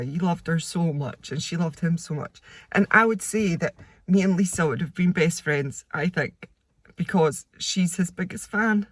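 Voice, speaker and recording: A woman's voice: lowish voice, no echo. A woman reviewing a book in a casual vlog. She talks in an effusive, emotional way with many fillers. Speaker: vlogger.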